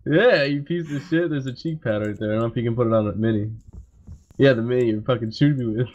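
A young man chatting casually while gaming, relaxed but quick to swear. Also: mid-range voice, lo-fi sound. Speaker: gamer.

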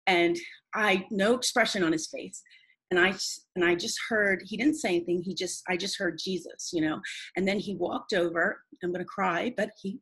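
A woman's voice: mid-range voice, moderate pace, a bit bright, slightly rough, poor audio. A woman who is a guest in a conversation, telling a personal story in an earnest, rambling way with many restarts.

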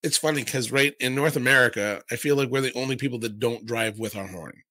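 A man hosting a podcast interview, prompting his guests and reacting quickly. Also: mid-range voice, pushed and bright, no echo. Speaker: podcast host.

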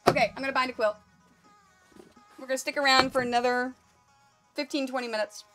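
A young adult woman hosting a casual live quilting tutorial, chatty and quick, thinking aloud as she works. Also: high-pitched, steady tone, loud music behind the voice. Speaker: quilting livestream host.

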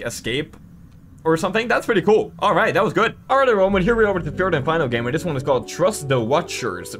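Excitable young man playing horror games. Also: fairly high pitch. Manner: excitable, swearing, jokey, shrieks when startled. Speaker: gaming YouTuber. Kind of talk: horror game commentary.

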